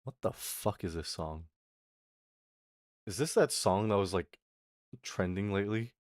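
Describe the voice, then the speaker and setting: A male streamer talks in a fairly low voice, trading crude, self-mocking jokes with his chat and laughing often. The sound is dry, with no room echo. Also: animated, a little slow. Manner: chats back to viewers' comments. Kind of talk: casual live-stream chat.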